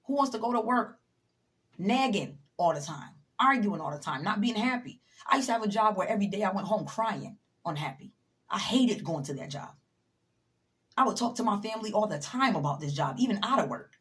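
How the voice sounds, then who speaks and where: A woman's voice: medium pitch, lively intonation, fairly quick, fairly bright tone. A woman giving a casual motivational talk to camera in a blunt, emphatic way, swearing freely and preaching straight at the viewer, a little tired. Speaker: motivational vlogger.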